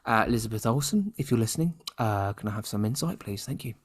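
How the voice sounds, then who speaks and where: A man's voice: fairly low pitch, animated, quick pace, breathy edge. Chatty British podcast co-host, man. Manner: chatty, rambling, playfully sarcastic. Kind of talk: casual chat.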